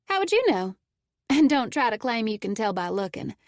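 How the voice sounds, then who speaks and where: A feisty teenage girl, proud and quick to talk back, as a female narrator voices her. The voice has a light gravelly edge and is recorded dry and close, like a storybook reading. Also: mid-range voice, fairly even intonation, mellow, no room sound. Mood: indignant. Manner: quick, indignant retorts.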